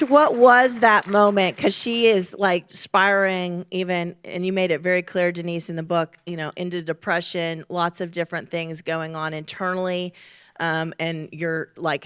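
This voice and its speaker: Smooth, low-pitched woman moderator. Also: steady tone, moderate pace, fairly bright tone. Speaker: panel moderator. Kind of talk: on-stage interview.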